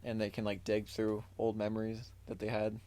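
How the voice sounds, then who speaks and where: A man's voice: lowish voice, completely flat delivery, moderate pace, dark tone. A man co-hosting a podcast, telling a story in casual chat, loose and full of fillers as he reads through his notes. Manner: recaps from notes and reads quotes aloud. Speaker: podcast co-host.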